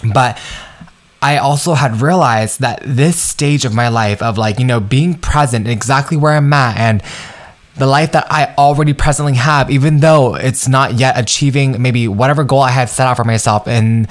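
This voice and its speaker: A man's voice: medium pitch, normal speed. A man hosting his own podcast, giving the listener a candid, profane pep talk and calling them "girl" and "my love.". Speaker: podcast host. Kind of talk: motivational solo podcast talk.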